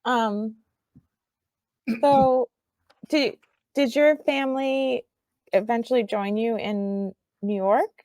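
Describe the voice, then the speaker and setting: A woman interviewer asking slow, careful questions in an oral history interview. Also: on the high side, steady tone, darkish tone, no room sound.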